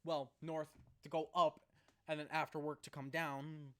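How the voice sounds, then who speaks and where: A young man vlogging casually into a laptop mic, rambling and laughing as he talks, sometimes rushing and sometimes slowing down. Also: fairly high pitch, little pitch movement. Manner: rambling, laughs often, jumps between fast and slow. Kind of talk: casual to-camera vlog.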